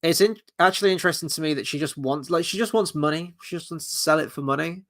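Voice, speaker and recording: A man's voice: a little high, fast, fairly bright tone. A man hosting a film review, ranting casually and bluntly, profane and rambling with many restarts, tired late at night.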